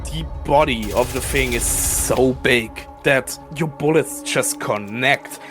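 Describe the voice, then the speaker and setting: A man's voice: mid-range voice, slow, over music. A man running a tabletop horror game as game master, narrating vividly in a casual, profane way.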